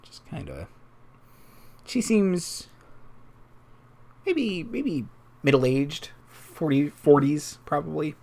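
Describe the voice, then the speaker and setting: A man's voice: on the high side, sing-song, very slow, gravelly, long pauses, a little mellow. A man narrating a tabletop game as game master, in a casual, loose way with many fillers.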